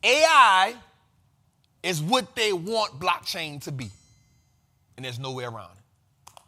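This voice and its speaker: High, forceful man hosting. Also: very animated, a little slow. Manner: emphatic, slangy, repeats lines for effect. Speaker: host of a finance show. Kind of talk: energetic market commentary.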